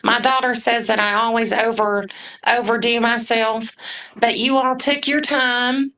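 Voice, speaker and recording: A woman's voice: fairly high pitch, fairly even intonation, unhurried, sharp tone, no room sound. A middle-aged woman with a nasal, drawling voice, chatting casually as co-host of a home video with her daughter. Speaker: co-host, the creator's mother. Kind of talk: casual chat.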